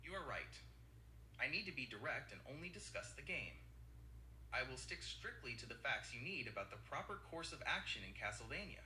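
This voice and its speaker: Very bright synthetic male assistant voice. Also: medium pitch, very animated, fairly quick, reverberant, slight background noise.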